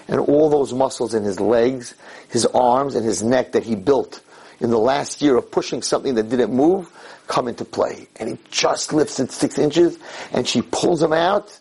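A man lecturing and telling a parable in an animated way, mixing in Yiddish words. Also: mid-range voice, slightly rough, poor audio. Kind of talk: storytelling sermon.

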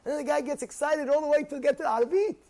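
Very high-voiced man giving a Torah class. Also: quick pace, creaky. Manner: animated, acts out quoted people, repeats phrases for emphasis. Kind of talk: lively Torah lecture.

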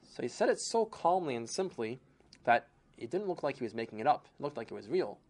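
Low-voiced woman storyteller; animated, wide-ranging delivery. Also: fairly quick. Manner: expressive, switches voices, Yiddish and Hebrew terms.

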